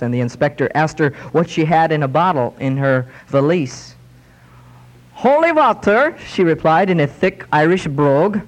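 A man preaching a sermon in a fairly high voice. He drives scripture home with emphatic, drawn-out phrases that climb in pitch, then drops back into plain storytelling. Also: a little mellow. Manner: emphatic, slowing and rising on scripture quotes.

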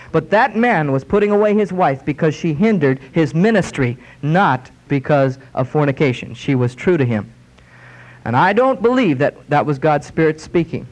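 A male preacher delivering a sermon, reading scripture with emphasis and slowing down on key words. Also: medium pitch, darkish tone.

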